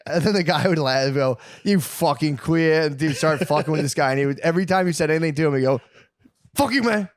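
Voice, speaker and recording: A man co-hosting a comedy podcast, telling animated stories in casual chat and jumping into higher-pitched voices for the people he quotes. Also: very fast, few pauses, no room sound, studio quality. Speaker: podcast co-host.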